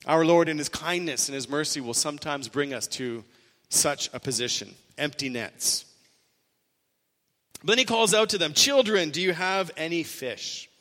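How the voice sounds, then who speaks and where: A man's voice: on the high side, animated, moderate pace, a bit bright, big-room sound. A male pastor preaching an earnest sermon, voicing quoted lines with rising emphasis.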